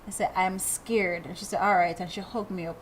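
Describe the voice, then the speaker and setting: A middle-aged woman, telling a personal story in a casual group chat, animated and prone to repeating phrases. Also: mid-range voice, fairly quick, a little hiss or hum, rough recording.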